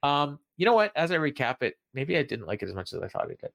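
A podcast co-host recaps wrestling at length in a casual chat, raising his voice to act out the quoted lines. He talks fast, with a fairly high, very animated, creaky voice that has a fairly bright tone.

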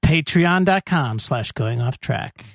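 A man's voice: a little high, animated, slow, no room sound, clean studio sound. A man co-hosting a podcast in casual chat, upbeat, reading out names in a bouncy sing-song. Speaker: podcast co-host.

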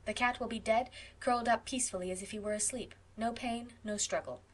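A woman voicing a brisk, capable college girl. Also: fairly high pitch, fairly even intonation, lightly acted. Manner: brisk, matter-of-fact. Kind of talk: audiobook character voice.

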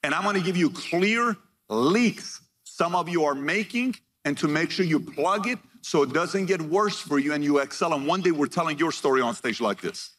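A man giving a motivational keynote to a live audience, energetic and punchy, reading figures out in short bursts and firing questions at the crowd. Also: fairly high pitch, moderate pace. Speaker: keynote speaker.

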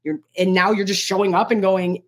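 A woman talking through a film she loves in an easy, chatty way. She restarts her sentences often and slips into quick impressions of the characters. Her voice sits at an ordinary middle pitch. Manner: animated, quick restarts, acts out quotes. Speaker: guest film reviewer. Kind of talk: casual podcast chat.

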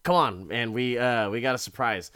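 A man voicing an easygoing, slangy young man who tries to calm a friend, a bit lower and quicker than his own voice. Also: clean tone, no echo, close to an everyday voice. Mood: casual. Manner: calm, laid-back slang, hurried.

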